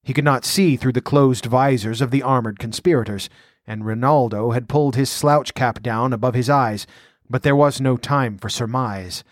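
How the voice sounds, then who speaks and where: A man's voice: medium pitch, no echo, clean studio sound. Man narrating a sword epic. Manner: measured, dramatic reading. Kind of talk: audiobook narration.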